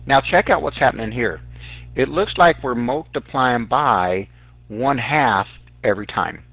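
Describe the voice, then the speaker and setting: In this recorded math lesson, a male teacher with a medium-pitched, expressive voice takes his time explaining sequences on a calculator, narrating each step out loud. He addresses his students directly as "guys." There's no echo, and the sound is dry and tinny, almost phone-like.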